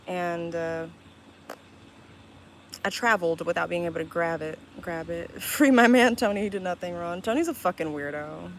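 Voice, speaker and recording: A young woman live-streaming, chatting casually with her viewers, reading their comments aloud and answering bluntly with a lot of swearing and quick laughs. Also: on the low side, slight background noise, poor audio. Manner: blunt and profane, reading chat aloud and snapping back; quick laughs and sudden loud outbursts.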